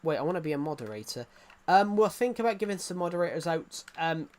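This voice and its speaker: A man's voice: fairly high pitch, expressive, fast talker. A man chatting casually to viewers during a gaming live stream, rambling and joking as he plays.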